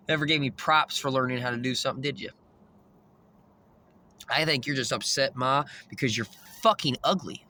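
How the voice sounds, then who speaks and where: A man's voice: mid-range voice, moderate pace, pauses often, pushed and bright, slight background noise. A man ranting in a rambling monologue, swearing constantly and laughing often. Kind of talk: rambling profane rant.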